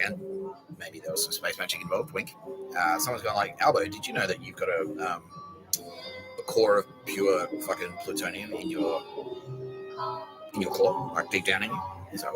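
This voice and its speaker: A fast-rambling Australian man hosts his podcast in a loose, profane monologue, peppered with slang and laughter. His voice sits low but leaps all over the place. Music plays clearly underneath him. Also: poor audio. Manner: sweary, animated, laughing, slangy. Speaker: podcast host.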